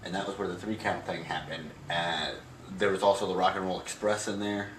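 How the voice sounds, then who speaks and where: A podcast co-host with a low, steady voice talks briskly from far off the mic in an echoey room with faint noise. In a casual chat about wrestling, he recaps events ramblingly with plenty of fillers.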